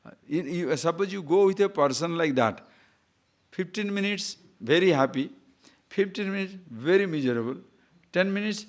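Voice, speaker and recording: A man lecturing on scripture as a spiritual teacher, chanting Sanskrit verses and acting out examples, swinging between loud and hushed. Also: high voice, sing-song, moderate pace.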